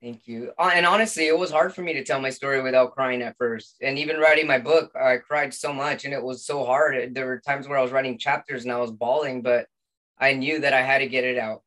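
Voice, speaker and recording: A man's voice: medium pitch, fairly even intonation, brisk, hardly any pauses, fairly bright tone. A middle-aged man, a podcast guest, telling his personal story in an earnest, heartfelt way, restarting his phrases often.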